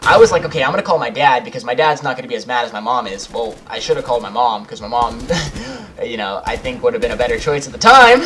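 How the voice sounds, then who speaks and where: A young man telling a long personal story over gameplay at an average pitch. He rambles, swears freely and laughs through it in a casual, unpolished way. A faint hiss sits under his voice. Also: lively intonation, fast, fairly bright tone. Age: young adult. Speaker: gaming channel host.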